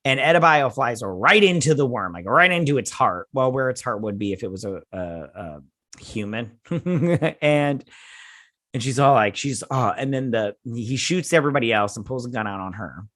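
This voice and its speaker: A man hosting a casual recap and review of a show's finale, rambling and excitable, often acting out what the characters say. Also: medium pitch, moderate pace, dry recording, clean studio sound. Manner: rambling, excitable, with frequent restarts and acted-out quotes. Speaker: host.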